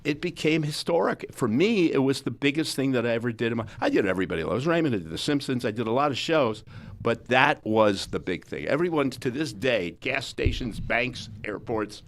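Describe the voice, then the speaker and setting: Animated man telling stories. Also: mid-range voice, fairly quick, gravelly. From Miami. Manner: animated, acts out quoted voices. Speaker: radio host and actor. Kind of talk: lively anecdotal storytelling.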